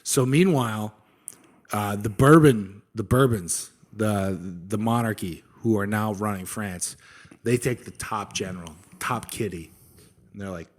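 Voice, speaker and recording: A man's voice: fairly low pitch, a little slow, slight background noise. A young man co-hosting a podcast, telling history in a casual, profane, slangy way and saying "dude" a lot. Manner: slangy and profane, says "dude" often, acts out quotes. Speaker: podcast co-host.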